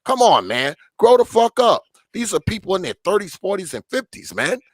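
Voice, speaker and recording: A man's voice: sits high, very animated, normal speed, dry recording. An older man, hosting a debate livestream in a profane, combative, emphatic rant. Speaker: debate show host.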